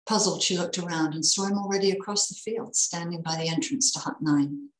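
A woman reading a Christmas story aloud in a measured, expressive way. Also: sits low, roomy sound, slight background noise, poor audio.

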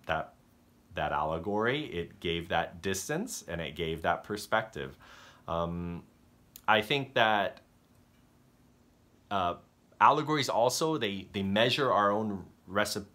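A male pastor with a low voice delivers an unpolished, conversational sermon. He hesitates and restarts often, then breaks into lively acted-out character lines while retelling stories. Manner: halting, self-correcting delivery that acts out story characters.

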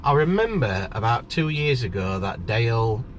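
A man's voice: medium pitch, big pitch swings, normal speed, slight background noise. A man chatting casually as co-host, a rambling storyteller with blunt banter, in a parked van. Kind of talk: casual chat.

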